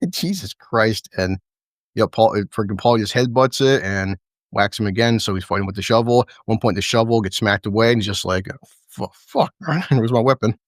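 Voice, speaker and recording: A man hosting a casual recap chat, excitedly narrating fight scenes play-by-play with lots of swearing and laughter. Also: lowish voice, normal speed, no echo, studio quality. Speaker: show host.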